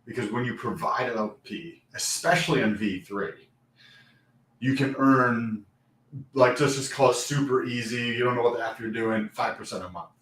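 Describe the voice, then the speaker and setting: A man's voice: medium pitch, moderate pace, a bit bright. Man, guest caller, loose casual explaining, echoey room, distant mic. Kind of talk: casual chat on a livestream call.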